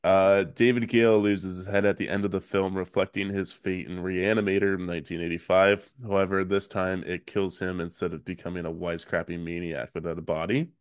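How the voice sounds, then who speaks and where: A man hosting a podcast, talking in a laid-back, rambling way with fillers and soft laughs. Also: deep voice, level tone, a little fast, hardly any pauses, clean tone, dry recording, studio quality. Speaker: podcast host. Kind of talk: casual chat.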